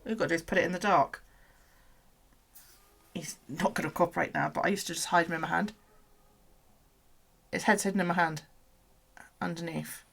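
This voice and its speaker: A woman's voice: fairly low pitch, steady tone, brisk, vocal fry, long pauses, fairly bright tone, breathy edge. A woman chatting casually on a home livestream. She swears freely and coos at her pets.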